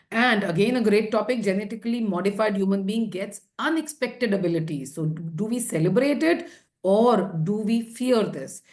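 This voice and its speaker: A woman's voice: medium pitch, a little mellow. A woman from India giving encouraging feedback as a table topics evaluator in an online club meeting.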